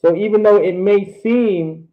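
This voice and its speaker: Man, language teacher, repetitive drilling, slightly higher voice, tinny phone-like sound. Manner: repetitive, drills phrases slowly syllable by syllable. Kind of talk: online class lecture.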